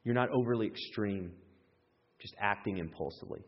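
A man preaches a sermon with a low, husky voice, acting out eager quotes with sudden high leaps in pitch. The sound is dull and lo-fi, with a long echo from a large hall. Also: brisk. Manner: animated, acts out excited quotes with big pitch jumps. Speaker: pastor.

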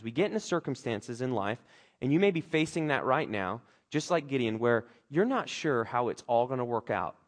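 This preacher delivers his sermon with lots of energy, performing the lines of biblical characters and letting his pitch swing widely.

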